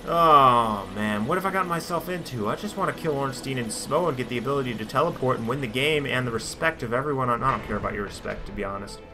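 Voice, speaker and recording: A man giving sarcastic let's play commentary over a game, breaking into shouted rants. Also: mid-range voice, lively intonation, fast talker, hardly any pauses, background noise. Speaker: gaming commentator.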